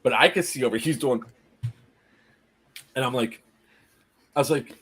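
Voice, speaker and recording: A man casually telling a long story on a podcast as its host, animated and often laughing. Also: medium pitch, normal speed, pauses often, breathy edge. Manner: animated anecdote teller, laughs through his story.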